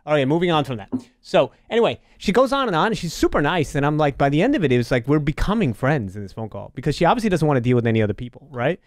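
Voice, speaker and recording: A man's voice: fairly high pitch, rapid-fire, hardly any pauses, no echo, clean studio sound. A man hosting a live podcast, telling a story with profanity and acting out the people in it. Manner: animated, profane, acts out quotes. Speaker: podcast host.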